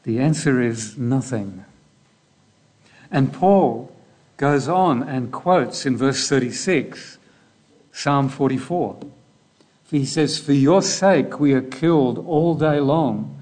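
A man preaching a sermon in a deliberate way, asking repeated rhetorical questions. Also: medium pitch, animated, darkish tone.

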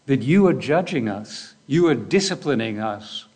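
A man preaching a sermon in a deliberate way, asking repeated rhetorical questions. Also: medium pitch, lively intonation, darkish tone.

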